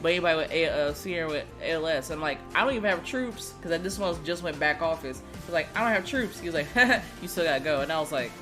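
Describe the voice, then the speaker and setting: A woman co-hosting a casual streamed podcast, telling stories with lively quoted dialogue. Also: fast talker, hardly any pauses, music in the background. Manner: lively, swings high when quoting people. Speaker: podcast co-host. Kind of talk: casual chat on a livestream.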